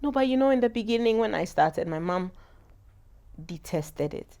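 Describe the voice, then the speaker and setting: Brief: Ghanaian woman in her thirties, interview guest, animated storyteller, mid-pitched everyday voice. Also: normal speed, creaky. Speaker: guest, cake business founder. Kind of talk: casual interview talk.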